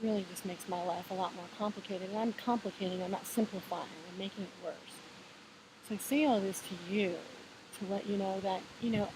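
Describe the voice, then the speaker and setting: A woman at home talks in a loose, unhurried monologue about spiritual balance, full of fillers and self-corrections. Her voice sits at a middling pitch. A clear, constant hiss runs under the whole recording. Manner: relaxed, meandering, encouraging, many fillers and restarts. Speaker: vlogger sharing spiritual advice. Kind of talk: casual reflective monologue.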